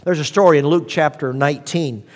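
A male pastor preaching a sermon, asking the congregation rhetorical questions and pausing for emphasis. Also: fairly high pitch, big-room sound.

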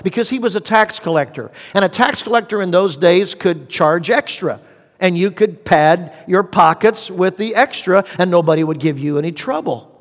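Male preacher, high-pitched, rhetorical questioning style, long hall reverb. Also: lively intonation, normal speed. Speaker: pastor. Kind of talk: sermon.

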